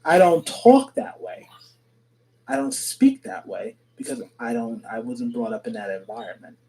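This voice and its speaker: A man's voice: mid-range voice, lively intonation, moderate pace, creaky, warm tone, a little hiss or hum, rough recording. A man with a nasal voice, speaking in a video clip, defensively repeating himself and asking rhetorical questions.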